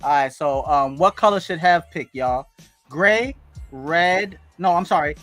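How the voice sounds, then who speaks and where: Bright, high-voiced man hosting a stream. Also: a little slow, no room sound, soft background music. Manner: loud, laughing banter. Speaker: live stream host. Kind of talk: casual chat.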